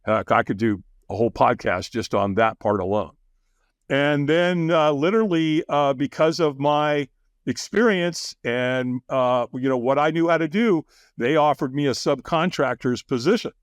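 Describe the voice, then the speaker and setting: A man telling stories as a guest on a podcast, animated and quick to laugh, often acting out what others said. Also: medium pitch, no echo. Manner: animated, acts out quoted voices, laughs often. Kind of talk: casual interview storytelling.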